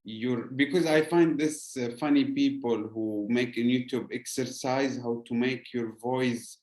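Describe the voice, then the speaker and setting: A man's voice: mid-range voice, fairly even intonation, unhurried, darkish tone. A man hosting a podcast, chatting casually and sometimes searching for English words, with loose grammar. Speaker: podcast host. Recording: roomy echo.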